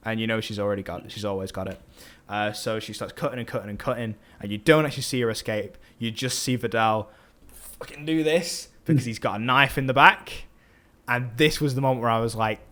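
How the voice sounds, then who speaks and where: A man's voice: mid-range voice, fairly bright tone. Man rambling through a movie recap. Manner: rambling, fillers, swears. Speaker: podcast host.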